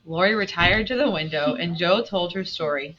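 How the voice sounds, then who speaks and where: A woman teacher reading a novel aloud to her class, expressive, stopping to quiz her students. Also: on the low side, moderate pace, muffled recording.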